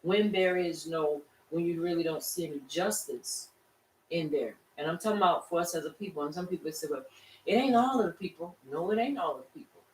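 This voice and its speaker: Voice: medium pitch, brisk, slight background noise. A Shabbat class teacher preaches to a small congregation, drawing answers from the room with rhetorical questions. The voice sits well back from the microphone in a roomy space. A faint ambience hums underneath. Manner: conversational preaching with rhetorical questions and call-and-response. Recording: echoey room, distant mic, faint ambience.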